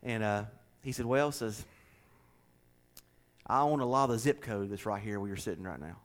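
A middle-aged man with a Southern US accent, a pastor chatting casually and telling a story with animated delivery and repeated words. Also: fairly low pitch, moderate pace. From American South. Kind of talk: casual chat with co-hosts.

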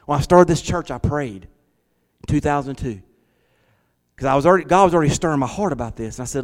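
A middle-aged man, preaching a lively, conversational sermon from a church hall. He repeats his words and talks back to the congregation. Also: fairly high pitch, fairly quick, pauses often. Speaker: pastor. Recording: long church hall reverb.

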